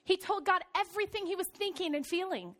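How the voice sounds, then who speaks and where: A middle-aged woman pastor delivering a sermon in a church. Her voice sits high, and she tells her stories with energy, moving from quiet reflection to loud excitement. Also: fairly quick. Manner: animated storytelling, swings from soft to loud.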